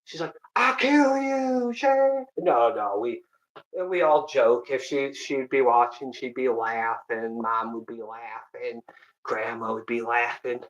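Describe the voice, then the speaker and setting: A man live-streaming a home workout, counting reps aloud and telling animated family stories in casual chat. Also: mid-range voice, a little slow, muffled recording. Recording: roomy echo.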